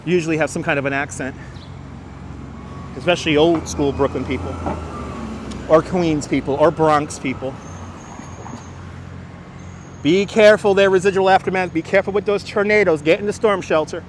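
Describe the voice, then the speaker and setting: A man's voice: a little high, a little fast. Chatty New York man livestreaming outside. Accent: light New York. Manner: chatty, reads out and answers viewer comments. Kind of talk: walking livestream chat. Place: outdoors on city streets. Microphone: wireless clip-on mic. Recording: faint street noise outdoors.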